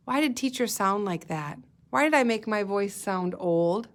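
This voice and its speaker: Slow, patient woman teaching reading. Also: medium pitch, lively intonation. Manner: slow, patient, sounds out letters and words. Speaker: elementary school teacher. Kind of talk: guided reading lesson for young children.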